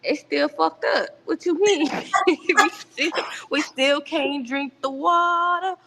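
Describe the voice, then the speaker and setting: A woman's voice: sits high, steady tone, slow, pushed and bright, a little hiss or hum, poor audio. A woman talking in a playful, teasing way in a casual livestream chat.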